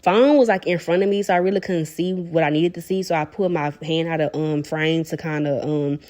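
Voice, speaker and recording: A young woman with a Southern country accent from Arkansas, chatting fast and slangy to viewers as she does her own nails. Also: low-pitched, steady tone, warm tone. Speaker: nail vlogger. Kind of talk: casual voice-over tutorial chat.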